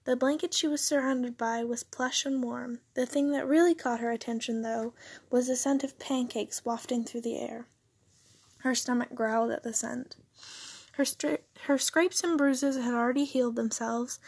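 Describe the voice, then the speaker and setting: A woman narrating a fan story aloud in a steady reading voice, husky and gravelly. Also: fairly high pitch, moderate pace, no room sound.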